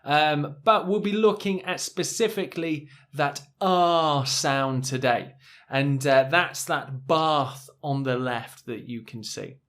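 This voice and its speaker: Male pronunciation teacher, Northern English accent, unhurried delivery, a little higher than most men, stretches out his example words. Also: a bit bright. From Northern England. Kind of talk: recorded language lesson.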